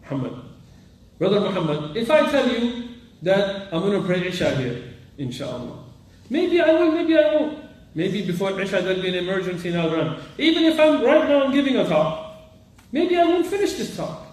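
A man's voice: sits high, very animated, moderate pace, a little mellow. A man teaching a class of students on Quran commentary and Arabic grammar. He quizzes his students and mixes Arabic terms into his English. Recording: very echoey room, voice far from the mic.

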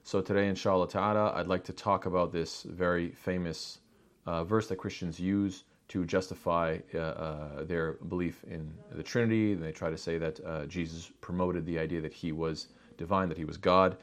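Deep-voiced man explaining scripture. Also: steady tone, moderate pace. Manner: rhetorical questions, frequent fillers. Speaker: religious teacher. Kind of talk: explanatory religious lecture.

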